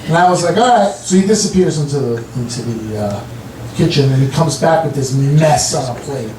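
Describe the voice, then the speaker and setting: A man from Long Island telling stories in a stand-up comedy set, with deadpan delivery and quick asides. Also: mid-range voice, a little hiss or hum. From Long Island, New York. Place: comedy club stage. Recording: roomy club sound from a distance. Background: audience laughter.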